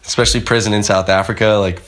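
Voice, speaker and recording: A man's voice: lowish voice, steady tone, fast, a bit bright. A young man, a podcast guest and pro skateboarder, telling a story casually with lots of fillers, swearing and acted-out voices. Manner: rambling, filler-heavy, swears, acts out the voices in his stories.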